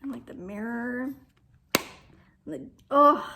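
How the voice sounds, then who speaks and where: Young woman beauty vlogger doing makeup first impressions at home, gushing and often whispering, slightly high voice. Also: a little slow, long pauses, a bit bright, a little hiss or hum. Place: home, at a mirror.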